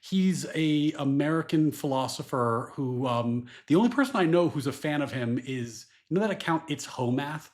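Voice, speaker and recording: A man's voice: on the high side, normal speed, hardly any pauses. A man hosting a podcast, arguing emphatically in a casual political debate. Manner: emphatic, argumentative. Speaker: podcast host.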